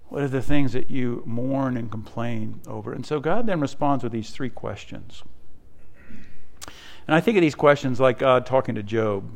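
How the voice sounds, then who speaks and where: Male pastor, middle-aged, gravelly voice, chatty sermon delivery with asides. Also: medium pitch, moderate pace. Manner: conversational storytelling, frequent asides with "right?".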